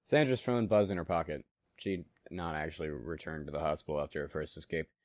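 A man reading a story aloud in steady narration with occasional slips. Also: very deep voice, a little fast, no room sound.

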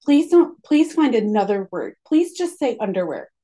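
A woman's voice: on the high side, very animated, moderate pace, dark tone. Emphatic, dramatic woman podcast co-host. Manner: emphatic, dramatic about pet peeves. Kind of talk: casual chat.

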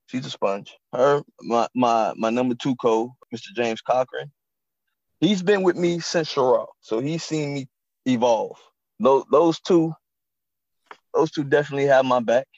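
A man who manages a restaurant, guest on a podcast, talking earnestly in a halting way and often repeating words. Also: mid-range voice, a little mellow, no room sound, muffled recording. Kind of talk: casual interview chat.

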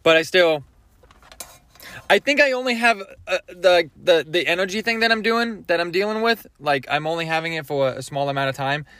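A man's voice: on the high side, expressive, moderate pace, bright, forceful tone, no room sound. A man hosting his own podcast alone, rambling from topic to topic in casual chat and swearing freely. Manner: scattered, jumps between topics, swears often. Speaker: podcast host.

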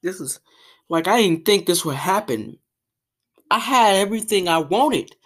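A young woman hosting a podcast, ranting casually in an exasperated, animated way, full of restarts and fillers. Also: medium pitch, a little slow. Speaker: podcast host.

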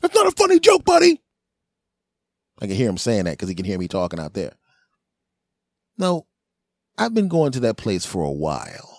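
A man's voice: deep voice, normal speed, long pauses, no echo, studio quality. A man hosting a podcast, telling a rambling comic story and acting out the people in it. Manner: rambling, animated, acts out voices. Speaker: comedian podcast host.

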